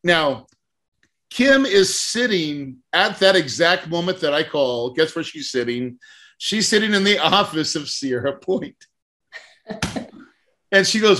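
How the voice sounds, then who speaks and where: A man with a bright, forceful voice pitched a bit high tells an animated story as a podcast host. He acts out each conversation as he goes and laughs often. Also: a little slow, pauses often. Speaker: podcast host and real estate mentor. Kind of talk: lively storytelling in a podcast interview.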